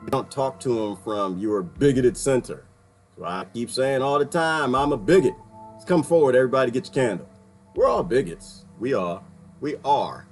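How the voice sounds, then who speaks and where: A man's voice: mid-range voice, expressive, normal speed, faint music behind. A man hosting a casual livestream, talking straight to his chat viewers and laughing often. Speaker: livestream host.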